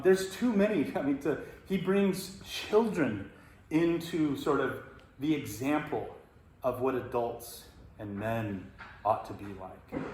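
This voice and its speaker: A man's voice: medium pitch, a little mellow. A man teaching about the Bible in a reflective, hesitant way, with many fillers. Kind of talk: teaching talk. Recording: roomy echo, faint noise.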